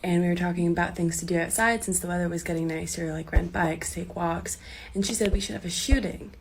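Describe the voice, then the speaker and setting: A woman's voice: fairly low pitch, steady tone, a little fast, gravelly, crowd noise. A woman telling an amused personal story to camera, quoting her roommate.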